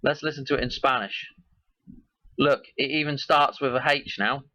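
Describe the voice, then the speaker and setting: With a mid-range, steady, bright voice and a forceful tone, a man hosts his own video at normal speed. He's musing casually, rambling and loosely tying ideas together. The recording is rough, with no room sound.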